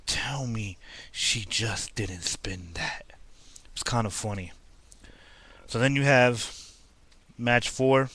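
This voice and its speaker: A man's voice: lowish voice, fairly bright tone. A young man casually reviewing a wrestling show for his video channel, rambling with lots of fillers. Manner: rambling, laid-back, filler-heavy. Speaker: wrestling vlogger.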